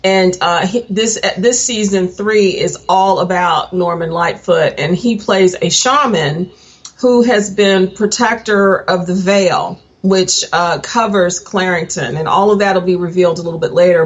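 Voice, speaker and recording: A woman's voice: lowish voice, measured pace, dull audio. A woman chatting casually and teasingly on a video call, laughing often as she talks. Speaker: co-producer and guest. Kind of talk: casual chat.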